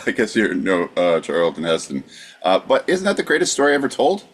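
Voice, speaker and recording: A man asking questions on a live comedy podcast in a wry, teasing way. His voice sits low but moves around a lot in pitch. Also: wildly swooping pitch, a little fast, slightly rough. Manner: wry, joking interviewer.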